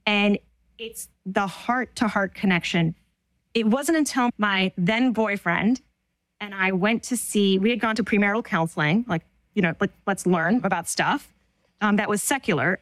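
A woman's voice: medium pitch, dry recording. Earnest woman guest, dry sound. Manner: earnest, quick, with many "like" fillers. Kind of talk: interview conversation.

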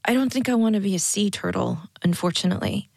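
A woman reading the part of a reserved, apologetic young woman, speaking in a hesitant, quiet way. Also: mid-range voice, fast, creaky, no room sound, clean studio sound.

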